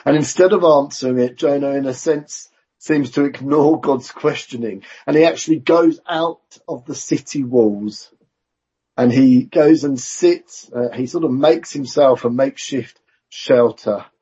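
A man preaching a sermon in a church, measured and conversational with self-aware asides. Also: medium pitch, dark tone, slightly rough. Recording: dull lo-fi recording.

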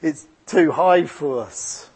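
A man's voice: on the high side, slow, breathy edge. A man with an Essex English accent preaching a sermon as a pastor, earnest and reflective, mixing scripture with personal stories.

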